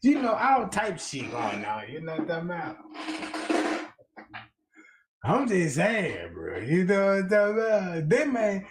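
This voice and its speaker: A man's voice: high voice, wildly swooping pitch, echoey room, very noisy. A man hosting a livestream, giving crude, mocking, profane commentary. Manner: mocking, profane, drawn-out delivery. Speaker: livestream host.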